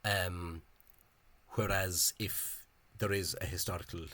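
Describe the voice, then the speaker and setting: A man giving an informal spoken lecture over on-screen examples. He talks in a halting, hesitant way and is openly scornful of the official spelling. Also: sits low, steady tone, bright, forceful tone. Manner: hesitant and halting, with frequent pauses and restarts. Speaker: language enthusiast presenting a video lecture.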